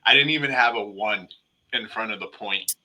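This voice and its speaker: A man's voice: lowish voice, normal speed, bright, forceful tone, low-quality recording. A man from western New York co-hosting a casual faith-based podcast, earnest and self-deprecating with dry humor. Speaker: podcast co-host.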